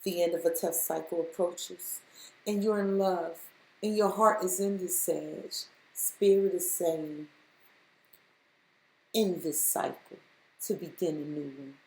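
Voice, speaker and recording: A fairly low, mellow voice with fairly even intonation carries this spiritual tarot reading, delivered slowly with long pauses. The woman speaks directly to the listener, emphatically repeating her points, and the room echoes.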